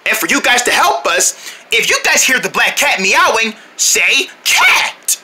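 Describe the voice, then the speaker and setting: A woman telling a children's cartoon story, playful and excitable, calling out to the young viewers. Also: fairly high pitch, a little slow, noisy background. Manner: playful and excitable, calls out to the audience. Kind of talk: animated voice acting for kids, talking to the viewers.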